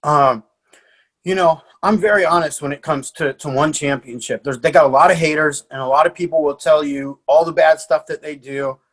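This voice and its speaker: Animated storytelling man, higher voice. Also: moderate pace. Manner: lively anecdotes with frequent laughs and fillers. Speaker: martial arts coach. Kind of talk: animated storytelling in a podcast interview.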